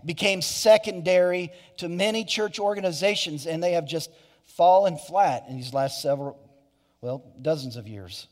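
Hall reverb fills this recording of a male pastor preaching in a church sanctuary. His voice is on the high side and a little mellow, at a normal speed, and he stays earnest while often restarting, going off on asides and saying "you know."

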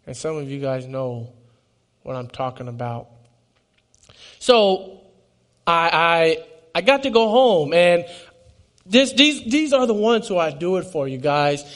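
A man's voice: on the high side, animated, measured pace, long pauses. A man in his twenties giving an emotional personal testimony, earnest and stumbling over restarts. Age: 20s.

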